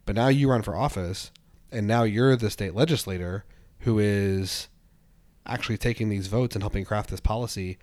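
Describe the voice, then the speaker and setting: A man's voice: fairly low pitch, normal speed, a little mellow, dry recording. A man co-hosting a podcast, talking casually about politics with lots of "like" and "right" fillers. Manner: conversational, many fillers like "like" and "right". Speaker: podcast co-host.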